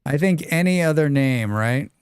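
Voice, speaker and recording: Male game streamer, relaxed and rambling, clear dry close voice, reads chat. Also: a little high, normal speed, no room sound. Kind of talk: casual live-stream chat while playing.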